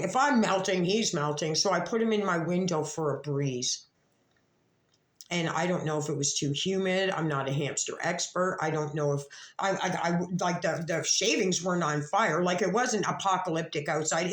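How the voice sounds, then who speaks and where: A woman with a lowish voice, speaking at normal speed, gives rambling, casual YouTube commentary, swearing freely and often restarting her sentences. She's recorded in an echoey room.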